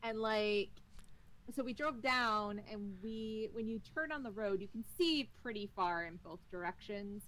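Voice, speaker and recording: A woman's voice: medium pitch, measured pace, fairly bright tone, a little hiss or hum, rough recording. A young woman telling a ghost story in casual chat while playing a game with friends, rambling with many fillers.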